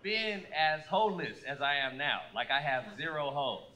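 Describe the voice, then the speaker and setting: On a comedy club stage, a male stand-up in his 30s performs his set in a high voice at normal speed. He's animated and profane, acting out the voices he quotes while the audience laughs. The live recording carries audible room noise.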